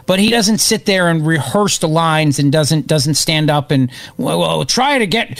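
A man's voice: on the high side, fairly bright tone, dry recording. A middle-aged man hosting a talk radio show, speaking off the cuff in a rambling way with restarts and asides, on a studio microphone. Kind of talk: unscripted political talk radio monologue.

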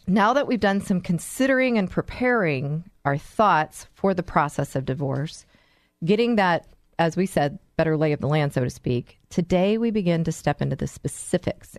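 A woman's voice: on the low side, expressive, normal speed, no room sound, clean studio sound. A woman hosting a radio talk show, speaking in an earnest, encouraging way and telling stories to her listeners.

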